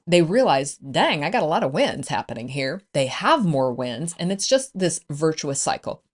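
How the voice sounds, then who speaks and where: Female coach-host, upbeat and chatty, lower pitch with big swings. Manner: upbeat, encouraging, conversational with fillers. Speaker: business coach and podcast host. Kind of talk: solo podcast talk.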